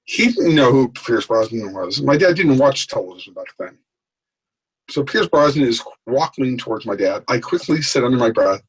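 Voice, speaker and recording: A man telling lively anecdotes as a guest in an interview, acting out the people in his stories. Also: mid-range voice, normal speed, slightly rough, low-quality recording. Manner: animated anecdote telling, acts out quoted voices. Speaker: guest, author. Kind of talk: storytelling in a podcast interview.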